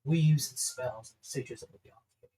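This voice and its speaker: A man voicing a magic teacher who recites a lesson in a halting way. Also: medium pitch, warm tone, a little hiss or hum, close to an everyday voice, rough recording. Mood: lecturing. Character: lecturing magic teacher, plain and matter-of-fact.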